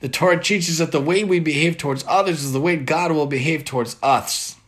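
A man's voice: a little high, a little fast, fairly bright tone. A man earnestly giving a religious moral lesson and reading a story aloud. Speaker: religious teacher.

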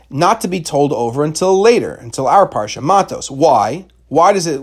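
A man's voice: mid-range voice, darkish tone, breathy edge. A man giving a Torah class lecture, asking rhetorical questions and mixing in Hebrew terms.

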